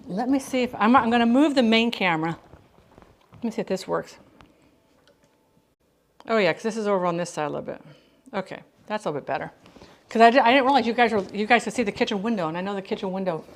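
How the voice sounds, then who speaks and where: A woman with a mid-range voice hosts a laid-back cooking stream from her own kitchen, talking quickly but pausing often. She greets viewers by name as she chats and keeps restarting what she's saying.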